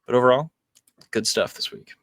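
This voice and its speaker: A young man reviewing films in a laid-back podcast chat, sprinkling in ums and likes as he goes. His voice sits at a middle pitch and sounds dry and close, with no room around it. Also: moderate pace, gravelly, no echo. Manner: relaxed, filler-heavy, many ums and likes. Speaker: podcast host. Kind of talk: casual movie review chat.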